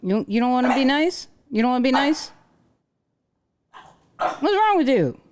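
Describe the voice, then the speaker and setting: A woman's voice: sits high, sing-song, moderate pace, background noise. Chatty woman hosting a home livestream. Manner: chatty, laughs often, talks to her dog and viewers. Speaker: livestream host. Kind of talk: casual livestream chat. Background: dog.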